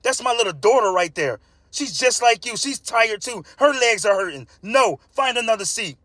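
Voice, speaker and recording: A man's voice: very high voice, expressive, normal speed, a bit bright, no echo, pitched above the performer's own voice. A man voicing a rude, haughty woman passenger who scolds in a raised voice. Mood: indignant. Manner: indignant, scolding.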